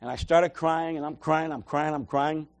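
A man's voice: on the high side, fairly even intonation, normal speed. Man giving an emotional church testimony. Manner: emotional, repetitive, swings from loud to quiet. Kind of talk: personal testimony.

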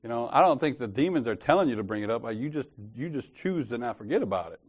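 Leading a church group, a man with a medium-pitched, sing-song, darkish voice talks fast and casually. He tells a story while laughing and using slang, mixing in Bible discussion.

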